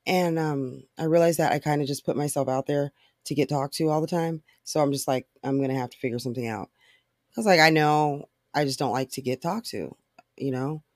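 Alone on the mic, a podcast host vents fast in blunt, profane, frustrated talk studded with fillers. His voice sits mid-range, and the casual rant is captured with clean studio sound and no echo.

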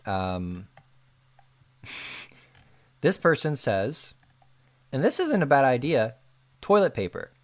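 Taking it slowly and pausing often, a man co-hosting a podcast reads listener answers out loud in a casual, filler-heavy chat. His medium-pitched voice moves through big pitch swings, and he laughs a lot.

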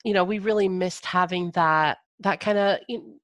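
A woman's voice: lowish voice, normal speed, dry recording. A Scottish woman with a slight cold, talking casually in an interview, chatty and full of small hesitations. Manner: chatty, hesitant with frequent ums and restarts. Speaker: podcast host and interviewee.

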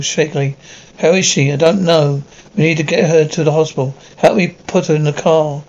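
Here a man narrates a horror tale, performing all the parts and speaking the stage directions between them. His voice is fairly high and darkish, with fairly even intonation and a normal speed. The audio is muffled.

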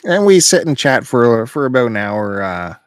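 A man's voice: medium pitch, very animated, normal speed, no echo. A man hosting a casual podcast chat, bantering and teasing his co-host with dry humor.

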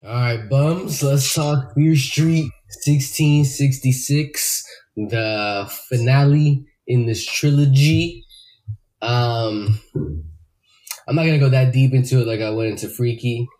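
A man's voice: mid-range voice, slow pace, poor audio. Laughing, slangy podcast host man. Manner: laughing, slangy, excitable banter. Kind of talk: casual movie review chat.

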